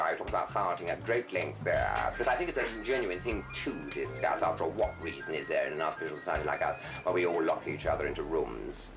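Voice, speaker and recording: A man with a low voice that swoops widely as he drawls out every vowel with theatrical relish. He talks through an old interview, with music clearly playing beneath it. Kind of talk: archive interview.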